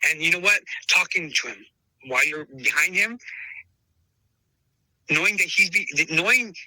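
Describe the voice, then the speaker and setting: A man's voice: on the high side, animated, normal speed, pushed and bright, dry recording, rough recording. A man talking emphatically in a casual interview, repeating himself and calling the listener brother. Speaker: podcast host interviewed as dog trainer.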